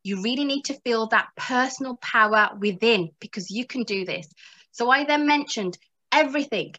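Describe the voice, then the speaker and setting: A woman telling her story as a motivational speaker, animated and often laughing, acting out her inner voices. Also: a little high, moderate pace, muffled recording.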